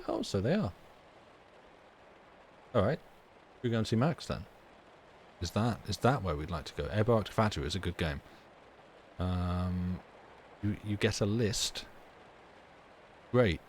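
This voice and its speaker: A man with a lowish voice hosts a live stream, reading stories and chatting casually with viewers. His dry, teasing banter rambles and keeps restarting, over a slight hiss or hum.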